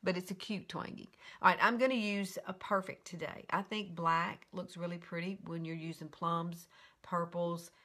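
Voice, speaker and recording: Chatty Southern woman, older, bright voice. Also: fairly low pitch, steady tone, moderate pace. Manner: chatty, giggly, rambling. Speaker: makeup tutorial host. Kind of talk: casual live-stream chat. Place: bedroom at home.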